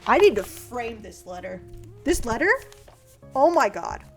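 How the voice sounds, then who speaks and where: Young female streamer, high-ish voice, sarcastic and profane; quiet music underneath. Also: sing-song, a little slow. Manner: sarcastic, swears freely, mocks her past self. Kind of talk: casual chat reading old diary letters aloud. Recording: faint music behind.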